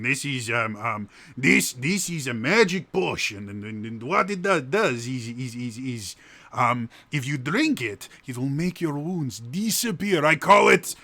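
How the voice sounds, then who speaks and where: A man voicing a jolly, good-natured male shopkeeper selling magic items, with a cheesy Russian accent and a loud, boastful sales pitch. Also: creaky, heavily acted. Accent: cheesy put-on Russian.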